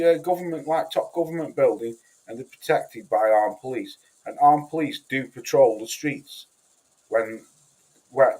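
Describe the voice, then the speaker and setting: A man from Cheshire, England, with a Cheshire accent, hosts a livestream and reads comments while chatting casually. His mid-range voice is darkish and slightly rough, and he's blunt, sweary and rambling, with many restarts. The audio quality is poor.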